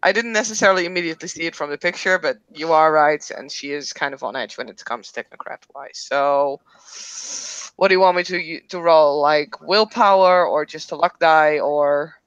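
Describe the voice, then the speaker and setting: A woman playing a tabletop role-playing game, talking softly and hesitantly with many fillers, on a dull lo-fi recording. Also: sits low, normal speed, smooth, no echo. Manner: soft-spoken, hesitant, with frequent fillers. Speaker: player. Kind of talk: casual chat at a tabletop game. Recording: dull lo-fi sound.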